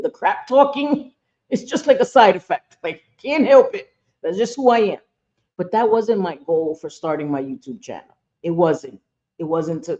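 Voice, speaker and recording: With a fairly low, mellow voice, a woman streams and speaks bluntly and heatedly to her chat, dropping frequent swears as she comments. She addresses viewers directly, and the audio is dull and lo-fi.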